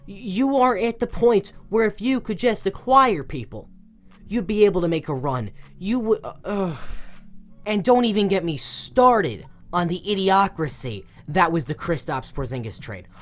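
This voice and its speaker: A young man giving a passionate, exasperated opinion rant as a sports commentator, swinging between loud outbursts and low muttering. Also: animated, moderate pace.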